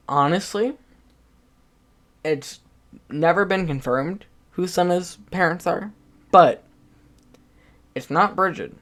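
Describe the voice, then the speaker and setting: In a high-pitched, slightly bright voice, a man talks slowly and pauses often while reviewing his own past game predictions. The commentary is casual and chatty, full of self-mockery, laughter, and restarts.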